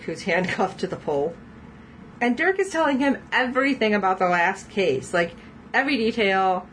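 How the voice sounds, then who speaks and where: A woman co-hosting a casual TV recap podcast, chatty and quick to laugh as she acts out lines from the show. Her voice sits at an ordinary middle pitch, with faint noise behind it. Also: low-quality recording. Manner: chatty, laughs often, quotes characters. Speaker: podcast co-host.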